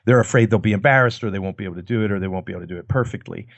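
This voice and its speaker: Male expert guest, low voice, dry close mic, conversational and demonstrative. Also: rapid-fire, vocal fry, no room sound. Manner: demonstrates lines with acted quotes and lowered voice. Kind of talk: explanatory conversational talk.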